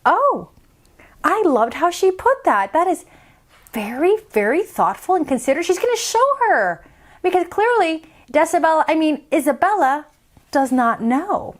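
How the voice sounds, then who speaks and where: A woman's voice: extremely high pitch, very animated, measured pace. A woman telling a picture-book story to children, playful and dramatic, often dropping into stage whispers. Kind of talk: theatrical read-aloud for children.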